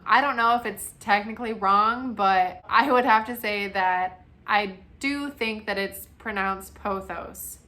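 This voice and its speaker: Woman, twenties, casual vlog chat, self-mocking, laughs often, bright tone. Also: mid-range voice, unhurried, few pauses. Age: 20s. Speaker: plant vlogger.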